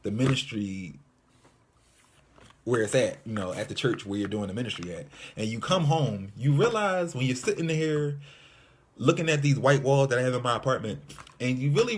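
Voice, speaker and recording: A man's voice: medium pitch, slight background noise. A man, a mime minister, venting candidly and from the heart in a personal video monologue from his apartment, often repeating his phrases. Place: apartment room with white walls.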